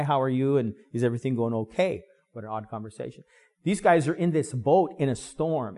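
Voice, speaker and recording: A man preaching a Bible sermon in a conversational, animated way, with many fillers. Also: a little high. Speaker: pastor.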